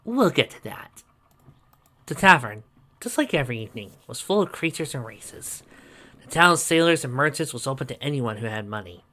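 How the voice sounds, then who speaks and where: Bright, steady fan fiction reader. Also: medium pitch, brisk. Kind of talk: reading fan fiction aloud.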